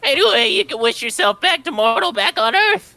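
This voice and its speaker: A woman's voice: high voice, big pitch swings, a little fast, sharp tone, no echo, heavily acted, poor audio. A woman voicing a timid, kind young alien boy in a comedic fan-fiction reading, earnest and apologetic. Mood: tearful. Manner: earnest, apologetic, tearful pleading.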